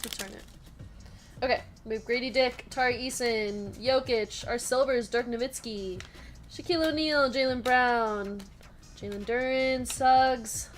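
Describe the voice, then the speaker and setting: A woman with a somewhat high voice hosts a live card break stream. She chats easily and giggles often between card calls while she reads out comments from the chat. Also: a little slow, a little hiss or hum.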